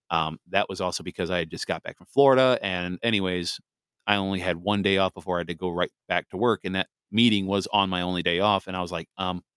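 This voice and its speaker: Man, podcast host, rambling casual monologue, smooth resonant voice. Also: low voice, fairly bright tone, no echo, studio quality. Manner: rambling, many fillers and restarts.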